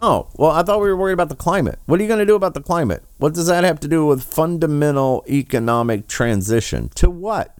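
A man delivers mocking political commentary, sarcastic and quick to swear. His voice rises and falls with lively animation, and it comes across smooth and resonant. The sound is close and dry. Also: fairly high pitch, dry recording. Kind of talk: ranting commentary.

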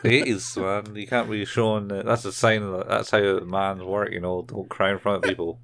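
A man with a very low voice talks casually on a podcast as he retells scenes from a show. He is laid-back and laughs often. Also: level tone, moderate pace, creaky, a bit bright, slight background noise. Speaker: podcast co-host. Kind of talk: casual chat recapping a show.

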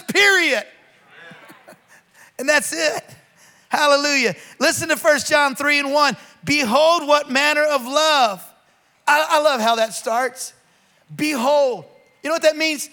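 With an extremely high pitch, a pastor preaches to his congregation, calling on them to respond as he swings between drawn-out emphasis and sudden shouting.

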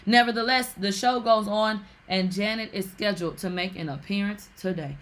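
A woman hosting a gossip show, talking in a casual, animated and profane way with sassy asides. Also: medium pitch, moderate pace.

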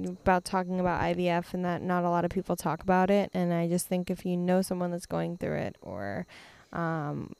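A woman's voice: on the low side, gravelly, dark tone, clear, resonant tone, no echo. A woman co-hosting a podcast in an easygoing way, chiming in and agreeing with her partner. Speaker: podcast co-host. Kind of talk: casual chat.

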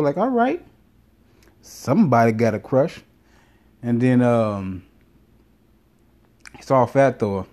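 A man's voice: medium pitch, warm tone. A man telling a casual, rambling story full of swearing and self-corrections. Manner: rambling, profane, self-interrupting. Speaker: vlogger.

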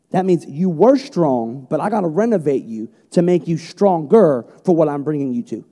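A middle-aged male pastor preaching a sermon with passion, moving between loud emphatic peaks and quiet storytelling. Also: fairly high pitch, sing-song, moderate pace, hardly any pauses. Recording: long hall reverb.

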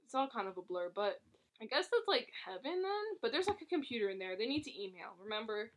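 A woman's voice: on the high side, big pitch swings, fast talker, a little hiss or hum. A woman casually recapping a movie plot for a co-host, rambling and giggling, with lots of fillers and restarts. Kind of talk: casual chat.

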